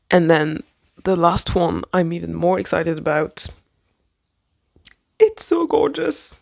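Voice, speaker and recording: Gushing, gravelly-voiced book vlogger. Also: medium pitch, no room sound, studio quality. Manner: gushing and excitable, rambling with fillers. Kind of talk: casual chatty book haul; reading a poem aloud.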